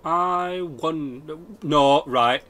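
A man's voice: fairly high pitch, extremely slow, pushed and bright. A man rambling and swearing through casual game commentary, joking about himself as he plays. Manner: rambling, swears a lot, self-mocking. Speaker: gaming channel host. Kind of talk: rambling let's-play commentary.

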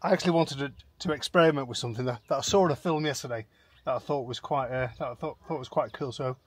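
A man's voice: medium pitch, fast, husky, no room sound. A man, talking to camera in a casual, rambling family vlog and poking fun at himself. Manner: rambling and self-mocking, with frequent restarts and chuckles. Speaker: expat family vlogger. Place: in and around a home in rural France.

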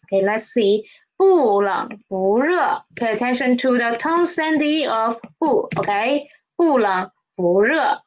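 Slow, patient woman teaching a language. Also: fairly high pitch, expressive, muffled recording, a little hiss or hum. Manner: patient, repeats words and models tones for students to echo. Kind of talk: slow, clear classroom instruction.

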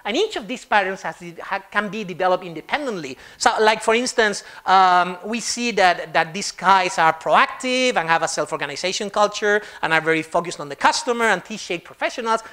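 Lively, high-voiced man giving a conference talk. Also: fairly quick, few pauses. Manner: animated, acts out quotes in funny voices. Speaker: conference speaker. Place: conference stage.

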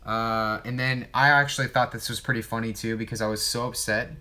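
A man's voice: mid-range voice, steady tone, fairly quick, bright, forceful tone. A man hosting a casual livestream, joking and mocking himself with lots of swearing while he cooks. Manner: profane, joking, self-mocking.

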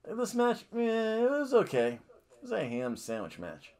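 A man's voice: sits high, wildly swooping pitch, a little slow, darkish tone. A man hosting a wrestling podcast, recapping a show in a rambling, self-correcting way with jokey asides.

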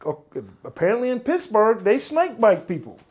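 A man recounts stories in a casual interview, his fairly high voice animated as he acts out other people's lines. He swears freely and caps many of his sentences with "man.". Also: moderate pace, husky. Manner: animated, swears often, keeps saying "man". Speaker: interview guest, former bodyguard. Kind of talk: casual storytelling.

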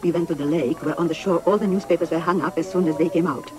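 A woman's voice: lowish voice, fairly even intonation, quick pace, darkish tone, faint music behind, close to an everyday voice, low-quality recording. A woman reading as a wistful exiled revolutionary wife. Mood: recollecting. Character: middle-aged woman revolutionary recalling exile. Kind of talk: documentary reading of a memoir.

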